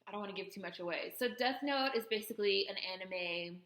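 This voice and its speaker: A woman vlogging casually as she unboxes a package, chatty and excitable, with lots of "like" fillers. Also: medium pitch, fast talker. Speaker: YouTuber. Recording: echoey room.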